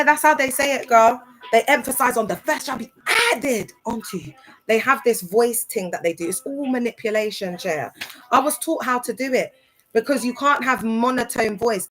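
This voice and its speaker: Animated woman streaming live. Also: a little high, low-quality recording. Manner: animated, emphatic, chatty, greets viewers by name. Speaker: livestream host. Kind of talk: casual livestream commentary.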